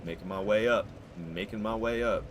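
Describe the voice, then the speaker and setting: A man streaming a video game, giving excitable live commentary as he plays. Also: on the low side, a little fast, slight background noise. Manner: excitable, animated, laughing and groaning at the game.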